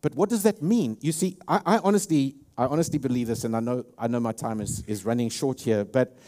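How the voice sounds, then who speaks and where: A man's voice: medium pitch, brisk, warm tone. South African man preaching a sermon. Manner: repetitive, emphatic, with many restarts. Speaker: pastor.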